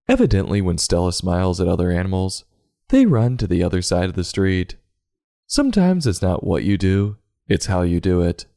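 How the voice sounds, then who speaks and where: A man hosting a comedic book review, sarcastic and crude, with deadpan asides. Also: low voice, normal speed, creaky. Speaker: podcast host reviewing a book.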